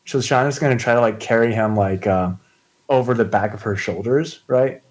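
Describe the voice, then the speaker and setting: A man playing a tabletop game, asking questions in a halting way with many "like"s and restarts. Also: mid-range voice. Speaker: player. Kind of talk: casual tabletop play.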